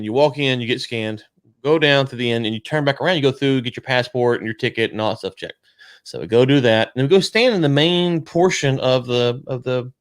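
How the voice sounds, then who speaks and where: Animated man telling a story, dry sound. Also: mid-range voice, no echo. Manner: animated storyteller, frequent restarts and quoted dialogue. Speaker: podcast co-host. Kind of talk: casual storytelling chat.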